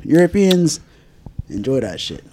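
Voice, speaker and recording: Animated, high-pitched man ranting. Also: measured pace, a little hiss or hum. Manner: profane, animated ranting with laughs. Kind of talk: casual political chat.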